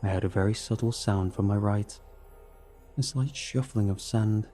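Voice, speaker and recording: A man narrating a horror story in a steady, dramatic scripted reading. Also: lowish voice, moderate pace, faint music behind.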